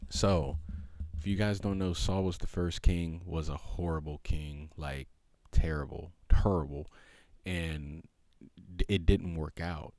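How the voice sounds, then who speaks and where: A man's voice: sits low, fairly even intonation, a little slow, darkish tone, no echo. A man hosting a podcast alone, talking in a loose, reflective way, with many fillers and restarts. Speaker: podcast host. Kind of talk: casual reflective monologue.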